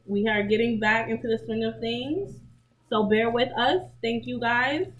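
A woman's voice: a little high, fairly bright tone, lo-fi sound. Slangy, playful woman podcaster. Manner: slangy, playful, quick banter. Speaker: podcast co-host. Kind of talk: casual chat while eating. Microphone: podcast mic, eating sounds.

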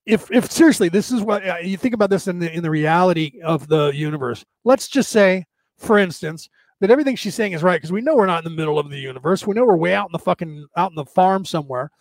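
A man in his fifties rambles through a casual chat, profane and animated. His voice is on the high side for a man. The recording is dry and close to the mic. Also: quick pace, dry recording. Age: 50s.

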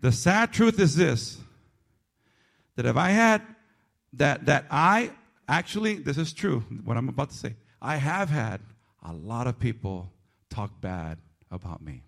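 A man preaching a sermon as pastor of a church, animated and self-mocking, swinging between loud emphasis and low asides. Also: measured pace, creaky, pauses often.

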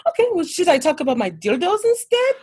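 A woman voicing a tipsy, flirtatious Swedish woman in a put-on Swedish accent, pitched high and sing-song. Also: sing-song, fast, darkish tone. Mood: flirty tipsy.

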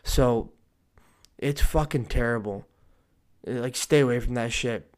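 A man's voice: medium pitch, takes it slowly, darkish tone. Young man ranting, cursing. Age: 20s. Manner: profane, ranting, swings between muttering and outbursts. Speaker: commentator reacting to news stories. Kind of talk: casual solo commentary.

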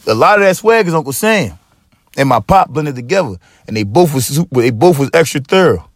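A man's voice: fairly high pitch, very animated, brisk, dry recording, clean studio sound. Profane, rambling podcast host man. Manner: profane, rambling, lots of fillers and repeats. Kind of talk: casual chat.

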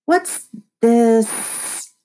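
A woman's voice: a little high, expressive, extremely slow, slight background noise, voice pushed up. Woman reading as a whiny, cocky young boy. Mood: boastful. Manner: whining, loud. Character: whiny young boy, competitive with his sister.

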